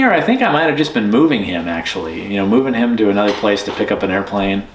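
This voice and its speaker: Talking fast in a fairly low voice, this bush pilot livens up his casual storytelling by acting out every quote. Slight background noise and a roomy echo color the recording.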